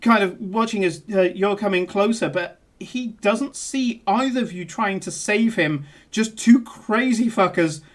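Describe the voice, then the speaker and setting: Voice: medium pitch, unhurried, few pauses. A game master narrating a tabletop game in a playful, laughing way, with frequent ums and restarts.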